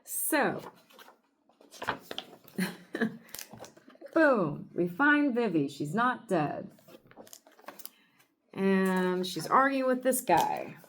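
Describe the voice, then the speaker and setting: A woman podcast host retelling a comic book with animated storytelling, laughing often. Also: mid-range voice, a little hiss or hum.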